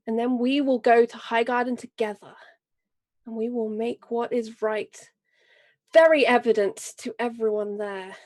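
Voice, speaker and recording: A woman playing a proud, vengeful noble lady. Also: fairly high pitch. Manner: grave, measured and forceful. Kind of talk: in-character role-play speech.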